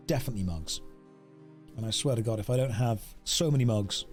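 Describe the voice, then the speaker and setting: A man's voice: mid-range voice, expressive, a little fast, soft background music. A man chatting casually on a live game stream, joking and reading chat aloud into a desk microphone.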